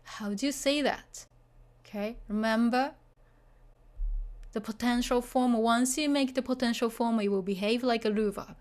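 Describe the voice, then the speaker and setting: Woman, Japanese teacher, slightly high voice, chatty, lots of fillers, checks in with learners. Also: normal speed, a little mellow. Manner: chatty, full of fillers, asks for agreement. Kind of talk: beginner language lesson.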